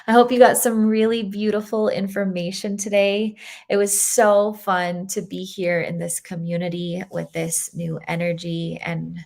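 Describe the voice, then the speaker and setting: A woman speaking as a guest speaker, leading a gentle guided meditation and talking in a soothing, affirming way over a video call. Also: mid-range voice, little pitch movement, a little slow, vocal fry. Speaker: guest speaker, energy healer. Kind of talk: guided meditation and warm talk.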